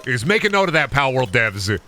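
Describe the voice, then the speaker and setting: Male streamer, casual gaming chat, lively pitch, bright voice, crude jokes. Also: a little fast. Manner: animated, joking, crude.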